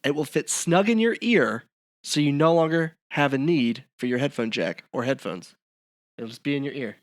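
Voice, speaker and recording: A man co-hosting a podcast in casual banter, delivering jokes deadpan with many uhs. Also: medium pitch, moderate pace, no room sound, clean studio sound. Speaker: podcast co-host.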